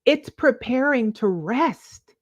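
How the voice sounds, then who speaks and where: Speaking slowly with lively intonation, a woman with a fairly high voice chats to camera as a lifestyle vlogger, offering casual, preachy motivation. She calls her viewers "boo-boo" fondly and draws out words for emphasis. The recording is dry and lo-fi.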